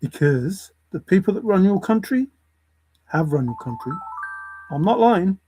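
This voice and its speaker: Husky, lecturing man. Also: high-pitched, big pitch swings, measured pace, warm tone, soft background music, poor audio. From England. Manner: lecturing, repeats points for emphasis. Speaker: vlogger. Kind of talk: opinion rant to camera.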